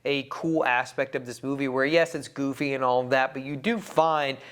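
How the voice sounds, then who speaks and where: A man's voice: medium pitch, steady tone, moderate pace, a bit bright, smooth. A man giving a casual, enthusiastic film review, rambling a little and laughing often. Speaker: movie reviewer.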